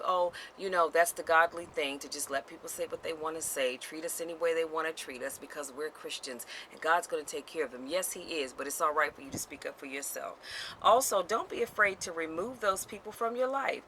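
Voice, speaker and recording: A woman giving a motivational talk straight to her viewers. She is emphatic and sassy, repeats her key lines, and speaks with a churchy warmth. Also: low voice, slight background noise, low-quality recording. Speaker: motivational vlogger. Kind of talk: direct-to-camera motivational talk.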